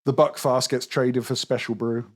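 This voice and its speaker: A man's voice: medium pitch, flat delivery, normal speed. A man with a southern English accent hosting a gaming podcast, chatting and reading out listener messages. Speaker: podcast host. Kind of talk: casual chat.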